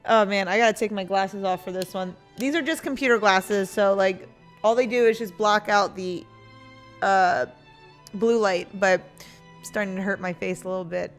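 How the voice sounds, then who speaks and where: A woman's voice: medium pitch, normal speed, soft background music. A young woman casually commenting as she plays a dating game, chatty with wry asides. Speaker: gaming streamer.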